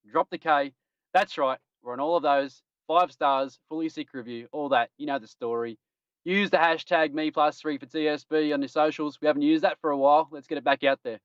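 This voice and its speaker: A man's voice: on the high side, clear, resonant tone, no echo. An Australian man hosting a podcast, running through odd news stories in a cheeky, joking way and laughing at his own puns. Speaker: podcast host. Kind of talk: casual news-roundup chat. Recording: dull lo-fi stream audio.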